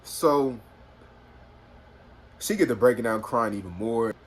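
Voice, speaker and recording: A young vlogger from Houston, Texas, tells a personal story casually on a phone in a mid-range, slightly rough voice, taking it slowly. He rambles with lots of fillers in an animated retelling.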